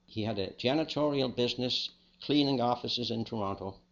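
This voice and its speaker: An older man with a Liverpool accent, telling his own life story as a testimony in a plain, unhurried, reflective way. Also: medium pitch, highs cut off. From England. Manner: plain, unhurried, with small restarts. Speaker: speaker giving a personal testimony.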